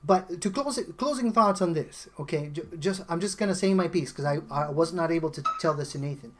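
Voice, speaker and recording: A man's voice: a little high, brisk, slight background noise. A man hosting a casual songwriter podcast, talking animatedly with frequent laughs and restarts. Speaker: host.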